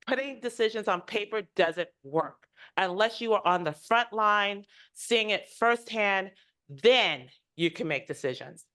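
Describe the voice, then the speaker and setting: A woman's voice: medium pitch, lively intonation, measured pace, a bit bright. Earnest woman giving public comment. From Oakland, California. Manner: heartfelt, earnest, emotional. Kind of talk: public comment at a board meeting.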